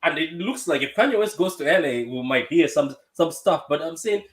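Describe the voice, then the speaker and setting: Laughing, animated podcast co-host man. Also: a little high, a little fast. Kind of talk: casual chat.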